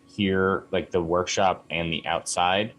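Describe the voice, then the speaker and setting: A man playing a tabletop game, asking the game master questions in a halting, casual way. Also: sits low, fairly even intonation, fairly bright tone. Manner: asks questions, halting restarts. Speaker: player.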